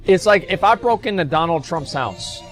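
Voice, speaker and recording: A man's voice: fairly high pitch, lively intonation, normal speed, soft background music. Profane rambling male streamer storyteller. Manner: rambling, profane, restarts and fillers. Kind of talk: casual storytelling to stream chat.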